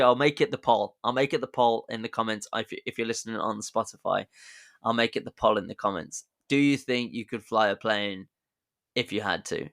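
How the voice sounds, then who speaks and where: A man's voice: mid-range voice, fairly bright tone. A man hosting a podcast, chatty and jokey, telling history as a casual story and laughing at his own jokes. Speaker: podcast host.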